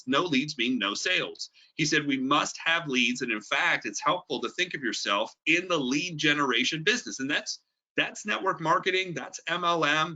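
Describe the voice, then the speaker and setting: A man's voice: medium pitch, sharp tone. A middle-aged man giving a conversational, emphatic business presentation on a video call, repeating his key points. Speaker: network marketing presenter. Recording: dull lo-fi video call audio.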